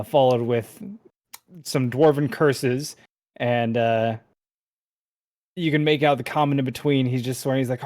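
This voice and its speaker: A man's voice: medium pitch, darkish tone. Casual man running a tabletop game. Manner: casual, rambling, many fillers. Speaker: game master.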